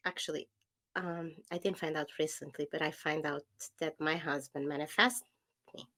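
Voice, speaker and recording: A woman's voice: low voice, fairly even intonation, moderate pace, a bit bright. A woman from Portugal, co-hosting a podcast in casual chat with phrasing. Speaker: podcast co-host.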